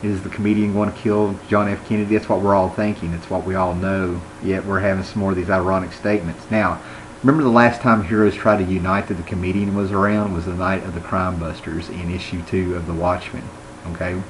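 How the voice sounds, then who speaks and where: A man's voice: low voice, level tone, fairly quick, slight background noise, rough recording. A man giving a casual, rambling comic book review and retelling scenes with quoted lines.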